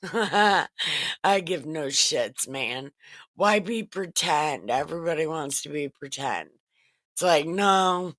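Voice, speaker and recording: A woman's voice: low-pitched, fairly bright tone, no room sound. A woman host retelling Bible stories in a casual, profane, wisecracking way, recorded in a makeshift home setup. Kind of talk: casual irreverent storytelling.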